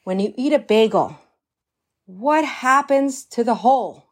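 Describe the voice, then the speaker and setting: A thoughtful night watchman, lost in strange questions and talking them through earnestly, as a woman voices him in a teaching story. The voice stays close to her own, a bit high. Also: animated, a little slow. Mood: musing. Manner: musing, earnest. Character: pensive male night watchman lost in odd puzzles.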